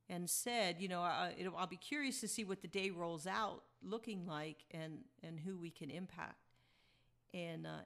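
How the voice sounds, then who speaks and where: A podcast host with a mid-range voice tells her listeners a personal story, chatty and reflective, chuckling as she goes.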